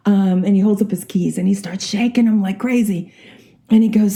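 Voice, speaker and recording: Gravelly older woman telling jokes. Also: mid-range voice, moderate pace. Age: 60s. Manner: chatty, rambling, animated storyteller. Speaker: vlogger. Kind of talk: casual joke telling.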